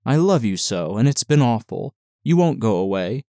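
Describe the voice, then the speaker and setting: A man voicing a tender, fragile young woman nurse in an audiobook, speaking softly and pleadingly. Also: medium pitch, big pitch swings, moderate pace, dry recording, clean studio sound.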